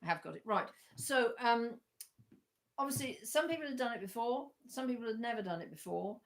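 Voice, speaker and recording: A woman leading an online choir rehearsal, chatty and hesitant, with a croaky voice, often breaking into sung parts. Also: fairly high pitch, animated, brisk. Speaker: choir leader.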